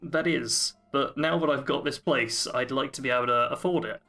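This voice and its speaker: A man's voice: mid-range voice, moderate pace, gravelly, bright, forceful tone, faint music behind. A man co-hosting a gaming podcast, chatty and upbeat, explaining his plans at length. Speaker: podcast co-host. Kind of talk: casual podcast chat.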